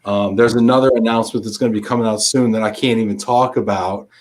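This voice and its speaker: Slangy, energetic live-stream host man. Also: fairly low pitch, quick pace, a little hiss or hum. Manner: energetic, slangy, calls people buddy and man. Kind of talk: casual live-stream chat.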